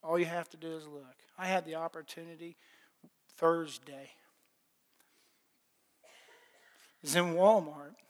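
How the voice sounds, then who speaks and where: A man's voice: a little high, steady tone, a little slow, pauses often. A middle-aged man preaching a plainspoken sermon, telling his own story with folksy repeats and little laughs. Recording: long hall reverb.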